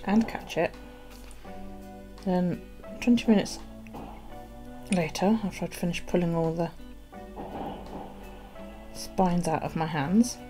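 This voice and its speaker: A woman's voice: lowish voice, warm tone. A middle-aged woman, a journaling vlogger, telling stories in a casual, chatty way and swearing freely. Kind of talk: casual chat.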